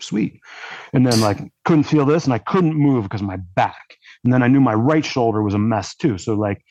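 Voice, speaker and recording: A man speaking as a podcast guest, telling a long story in a loose, rambling way full of fillers. His voice sits at a middle pitch. The recording sounds dull and lo-fi, with a very dry, close feel. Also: brisk, a little mellow, no echo. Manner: rambling, heavy use of "like" fillers. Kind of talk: casual storytelling.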